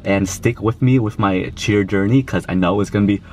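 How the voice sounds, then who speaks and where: A young man vlogging casually to camera, excitable and gushing, nervous. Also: lowish voice, brisk. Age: young adult. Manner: excitable, gushing, lots of "oh my God". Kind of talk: casual vlog talk to camera.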